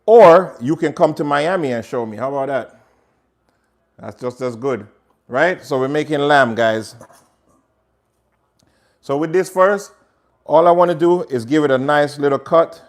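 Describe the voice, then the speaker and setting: A man with a Jamaican accent hosts a casual cooking demonstration in a home kitchen, talking straight to viewers as he works. His voice is fairly high-pitched, with a measured pace and frequent pauses.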